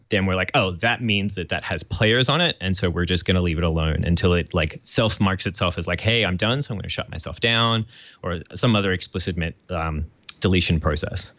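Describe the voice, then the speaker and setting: Aussie guy rattling off tech stuff, lots of ums, low voice, lo-fi. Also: a bit bright, no room sound. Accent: Australian. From Australia. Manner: enthusiastic, many fillers, quotes imagined requests. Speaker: guest. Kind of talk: technical explanation on a podcast.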